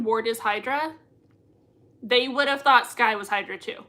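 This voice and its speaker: A woman hosting a live watch-party reaction, gushing excitedly, laughing often and reading out chat comments. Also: on the high side, a little slow. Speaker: livestream reaction host.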